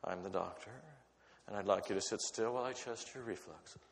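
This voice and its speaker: A man playing a calm male doctor who speaks in a mild, matter-of-fact bedside tone, in a church hall with long reverb. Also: on the low side, a little fast, vocal fry, voice pushed down.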